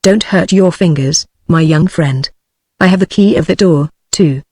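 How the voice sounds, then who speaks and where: A woman's voice: fairly low pitch, a little slow, breathy edge, dry recording, clean studio sound. A woman with a British accent, a synthetic voice, reading the lines of a ruthless, misshapen male clerk holding a gun. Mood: menacing. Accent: British English. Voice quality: even synthetic delivery.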